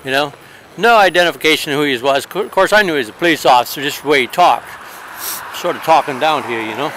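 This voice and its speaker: Fairly high-voiced man, wry outdoor travel diary. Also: quick pace, a bit bright, slight background noise. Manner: rambling, hesitant, wry and critical. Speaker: traveler on horseback, vlogger. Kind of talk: casual spoken travel diary. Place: outdoors in a town, with a horse.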